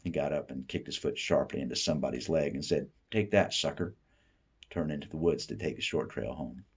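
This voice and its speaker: Appalachian-raised guy reading a short story, low and a bit husky, goes quiet for the thinking parts. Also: fast talker. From Appalachian United States. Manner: expressive reading that drops soft and low for inner thoughts. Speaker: reader.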